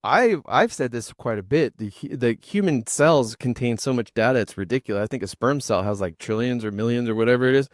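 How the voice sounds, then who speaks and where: A man hosting a casual talk show, animated, swearing and stumbling over his words. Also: medium pitch, brisk, few pauses, no echo, studio quality. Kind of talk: casual chat.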